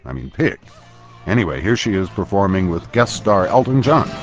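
A male news reporter giving a scripted narration of a feature, measured and a little wry. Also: deep voice, very animated, dull audio, over loud music.

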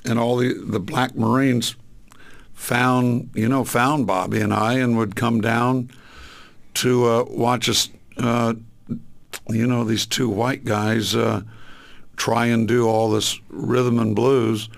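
An older man with a gravelly, fry-edged voice tells old stories in a loose, rambling way, stopping often on fillers and restarts. He sounds relaxed, like a guest in a long interview. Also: mid-range voice, slow pace. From Southern California. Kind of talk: relaxed reminiscing.

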